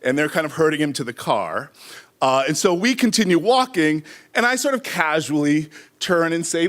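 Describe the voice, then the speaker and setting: Middle-aged man, live stage storytelling, higher voice, lively swinging pitch. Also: normal speed. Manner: animated, acts out shouted quotes.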